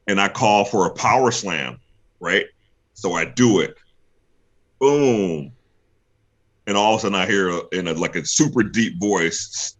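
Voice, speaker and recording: Animated, bright-voiced man telling stories. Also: low-pitched, lo-fi sound. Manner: animated, acts out other people's lines, laughs often. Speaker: guest, pro wrestler. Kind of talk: casual interview storytelling.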